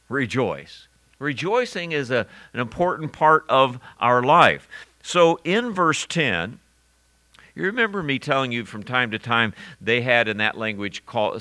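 A man preaching from the pulpit in a bright, forceful voice. He works through the scripture verse by verse, repeating key words for emphasis. The sound is dry and close, with no room echo. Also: medium pitch. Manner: teaching verse by verse with emphatic repetition. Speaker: pastor. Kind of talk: sermon.

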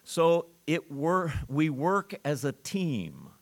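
A man preaching a sermon to a congregation, earnest, with pauses, restarts and emphatic rises on key lines. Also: fairly high pitch, big pitch swings, vocal fry. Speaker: pastor.

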